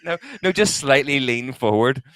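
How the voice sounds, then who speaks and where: This man's voice is medium-pitched and fairly bright, with lively intonation and a moderate pace, though the audio is poor. He co-hosts a podcast, telling a casual story where he swears a lot, acts out quotes and laughs often.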